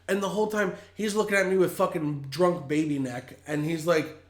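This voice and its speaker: A man's voice: high-pitched, big pitch swings, brisk. A man hosting a podcast, telling a story in a blunt, heated and profane way. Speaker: podcast host. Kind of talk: casual storytelling. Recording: roomy echo.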